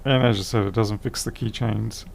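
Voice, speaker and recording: A man's voice: on the low side, fairly even intonation, moderate pace, a little hiss or hum. A tired man chatting casually on a live stream, thinking aloud as he repairs a laptop, his voice fading. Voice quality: gravelly.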